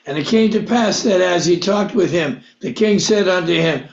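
A man's voice: high voice, normal speed, creaky, roomy sound, muffled recording. A man preaching a Bible-teaching sermon, reading verses in old scriptural wording, explaining them conversationally and asking his listeners rhetorical questions.

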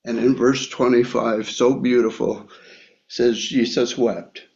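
A man gives a slow, reflective sermon, pausing often and filling gaps with small hesitations. His voice sits at a middle pitch. It rings in an echoey room, and the sound is a bit dull. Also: fairly even intonation, darkish tone. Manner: slow, reflective, with frequent pauses and fillers. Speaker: preacher. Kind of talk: sermon, Bible reading and personal story.

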